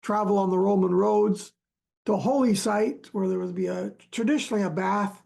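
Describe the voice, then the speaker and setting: A man, an archaeologist, telling stories from his digs in a relaxed, halting way, full of fillers and small chuckles. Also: high-pitched, gravelly. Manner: halting, many fillers and restarts, chuckles often. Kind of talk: relaxed storytelling chat.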